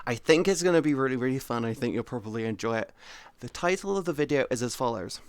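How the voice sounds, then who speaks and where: A young woman chatting casually to her stream audience, expressive and excitable, swearing freely. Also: very deep voice, fast, dry recording. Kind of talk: casual live-stream chat.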